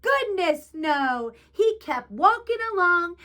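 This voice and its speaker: Woman teacher, high voice, unhurried, animated storytime reading with questions for kids. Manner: animated, asks children questions. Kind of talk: reading a picture book aloud to children.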